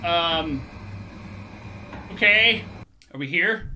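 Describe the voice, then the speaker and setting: A gamer giving let's play commentary on a horror game, thinking aloud through puzzles and exclaiming loudly at scares. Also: medium pitch, sing-song, a little slow, slight background noise.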